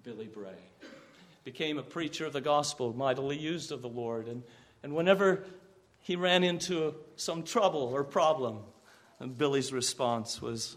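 A man's voice: medium pitch, normal speed. A man pastor preaching a sermon with earnest emphasis, sometimes repeating words and raising his voice on quoted cries.

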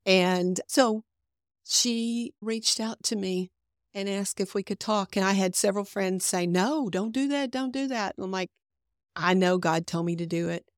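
A woman's voice: mid-range voice, little pitch movement, a little slow, clear, resonant tone, dry recording, studio quality. A middle-aged woman guest sharing a personal faith testimony in earnest conversational storytelling, acting out her own past thoughts. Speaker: podcast guest.

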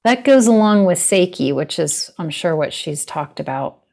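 A woman's voice: fairly low pitch, animated, normal speed, creaky, darkish tone. A middle-aged woman in casual conversation, speaking thoughtfully and laughing easily. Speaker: guest.

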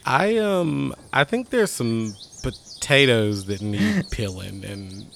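A man's voice: medium pitch, sing-song, slow pace, vocal fry, fairly bright tone, a little hiss or hum. A man who is a player in a tabletop game, joking and laughing often. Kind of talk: tabletop role-play chat.

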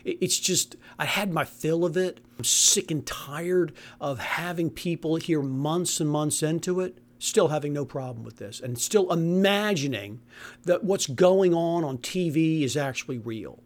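A man rants at full tilt in a solo talk show, exasperated and swearing freely. His pitch swings widely as he jumps between anger and sarcasm. He mocks opponents in put-on voices. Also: lively intonation, measured pace. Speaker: podcast host. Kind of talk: angry monologue rant.

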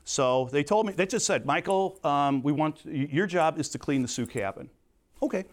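A middle-aged man teaching a sermon in earnest, storytelling fashion, moving between soft asides and emphatic points. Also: a little high, lively intonation, moderate pace. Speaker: Bible teacher.

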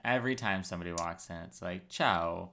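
A male podcast host with a lowish, bright voice. He chats casually and teases his guest, and he laughs often. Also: normal speed. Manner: laughs often, playful teasing. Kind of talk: casual chat.

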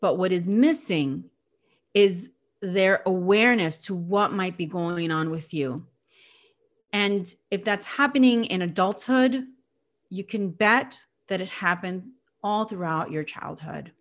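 A middle-aged woman giving a reflective explanatory talk on psychology in a measured, gentle way, often pausing with filler phrases. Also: on the low side, animated.

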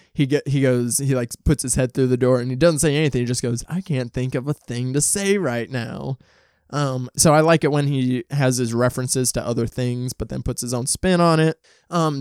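A man's voice: mid-range voice, clear, resonant tone, no echo, studio quality. A man casually talking through a film review, chatty and enthusiastic with frequent ums and likes, at home. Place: home, dog nearby.

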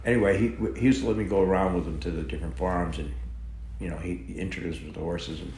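A man being interviewed, telling a long anecdote with lively shifts in voice as he acts out the people in it. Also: low-pitched, fast. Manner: animated, acts out dialogue in the story. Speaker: interview guest, horse farm owner. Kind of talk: anecdotal storytelling. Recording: roomy echo.

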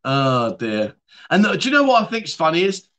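A man hosting a relaxed livestream chat show, talking in a fairly high, bright voice. He rambles from one thought to the next, reads out viewer comments and drops friendly asides to the people watching. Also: normal speed. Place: lives abroad in Thailand.

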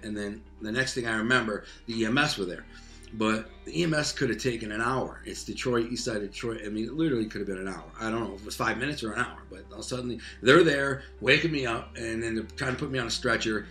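A man's voice: mid-range voice, a little fast, a bit bright, faint music behind. A man casually telling a personal story in loose, profane street talk, full of fillers like "man" and "like.".

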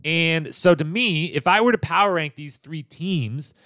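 A man's voice: on the high side, animated, a little slow, pushed and bright, no room sound, studio quality. A man hosting a podcast, chatting casually through a recap of a TV episode in an upbeat, loose way with fillers and restarts. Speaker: podcast host.

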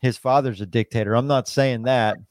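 A man's voice: mid-range voice, steady tone, a little fast, darkish tone, no room sound. A man in casual podcast chat, rambling and swearing constantly, with lots of "like" and "dude".

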